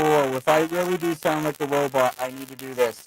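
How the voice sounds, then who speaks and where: A man's voice: fairly high pitch, a little fast, a little hiss or hum. A man in casual podcast chat, joking and swearing, coming through a phone call app that makes him sound distorted and robotic. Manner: joking, profane. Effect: garbled robotic call audio. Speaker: podcast co-host. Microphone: phone over a call app, distorted.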